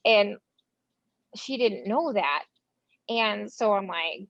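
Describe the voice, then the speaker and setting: This front-line nurse, an American woman appearing as an interview guest, has a medium-pitched, creaky, slightly rough voice and a moderate pace. She's animated and casual, full of fillers, and performs quoted dialogue as she tells stories. Sound is dull, lo-fi, and dry.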